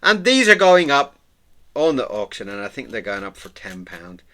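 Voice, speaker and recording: A middle-aged man who hosts an art channel, chatting casually while he draws, rambling and sentimental, with soft murmured asides and frequent chuckles. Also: mid-range voice, big pitch swings, normal speed. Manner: chuckles often. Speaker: artist and channel host. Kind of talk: casual chat while drawing.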